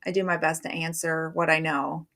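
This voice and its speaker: A woman's voice: deep voice, steady tone, normal speed, a bit bright. A middle-aged woman hosting a live stream, chatting casually and rambling in a friendly way.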